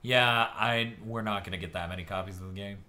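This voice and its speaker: A man's voice: fairly low pitch, steady tone, a little fast, sharp tone. A young man co-hosting a casual gaming podcast, joking loosely and swearing freely. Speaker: podcast co-host. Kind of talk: casual chat.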